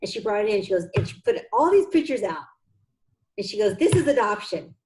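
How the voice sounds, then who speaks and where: With a medium-pitched, warm voice that swings widely in pitch, this woman speaks briskly on a rough recording. An adoptive mother and foundation founder, she shares her family's story in an interview, earnest and near tears.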